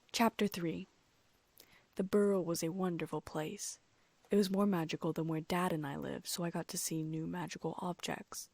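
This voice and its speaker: A woman reading a first-person audiobook story in a steady way, with the odd slip and restart. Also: lowish voice, normal speed, vocal fry, dry recording. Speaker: audiobook narrator.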